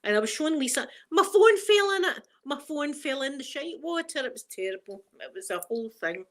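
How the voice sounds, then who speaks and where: A woman's voice: high voice, animated, brisk. A middle-aged woman with a Scottish accent chatting casually on a live stream, reading the chat and laughing often. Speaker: ASMR streamer.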